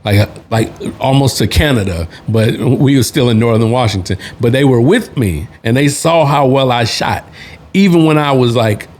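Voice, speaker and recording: Regular guy telling a story, rambling, restarts a lot, slangy, mid pitch. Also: normal speed, darkish tone. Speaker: podcast host, Navy veteran. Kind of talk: casual storytelling.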